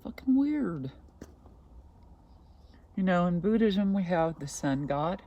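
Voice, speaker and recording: A woman's voice: lowish voice, very animated, takes it slowly, warm tone, muffled recording. A woman ranting into her own vlog, swearing constantly and sounding agitated, talking from inside a car. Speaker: vlogger. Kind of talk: casual vlog rant.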